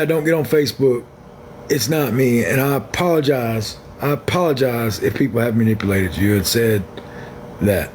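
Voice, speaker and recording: A man's voice: medium pitch, a little mellow, slight background noise. A man hosting his own livestream, talking in a blunt, frank and rambling way to viewers on a phone. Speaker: livestream host. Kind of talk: casual livestream chat.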